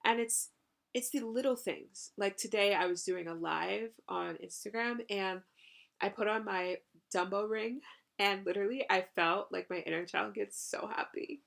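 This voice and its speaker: A spiritual coach hosts a channeled spiritual podcast, speaking effusively with casual swearing and plenty of "you know" and "right?". Her mid-range voice carries vocal fry and a slightly bright quality, moving at a moderate pace.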